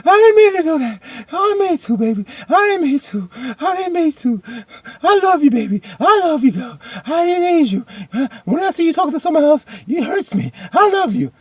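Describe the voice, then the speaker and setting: A man voicing a jealous teenage boy, pitched high, strained and pleading. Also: very animated, moderate pace, dry recording.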